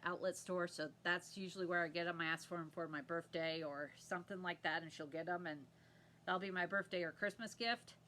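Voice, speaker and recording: A talkative woman with a bright, sharp tone and a voice pitched a touch high, chatting from home as host of her own podcast. She rambles from one thing to the next and laughs often. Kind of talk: casual chat to camera.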